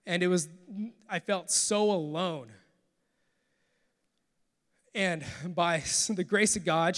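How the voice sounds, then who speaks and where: A man in his thirties preaches with a high, bright voice and tells his story in a lively, animated way. His words ring out with a long reverb, like in a church hall. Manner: storytelling, animated with acted quotes. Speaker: pastor. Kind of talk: sermon testimony.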